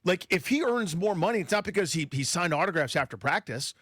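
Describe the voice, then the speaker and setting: A man co-hosting a sports talk radio show, arguing his point in an animated way and restarting words when he gets heated. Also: sits high, brisk, dry recording, studio quality.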